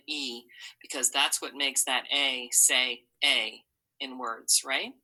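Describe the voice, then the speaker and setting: Very low-voiced, bright-toned woman teacher. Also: rough recording. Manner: patient, step-by-step instructions, models sounds for repeating. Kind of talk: phonics lesson to young students.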